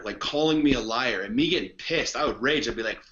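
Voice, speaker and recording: Blunt, profane man with a bright voice. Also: medium pitch, fairly quick, dull audio. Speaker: podcast guest, coach. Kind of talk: casual conversation.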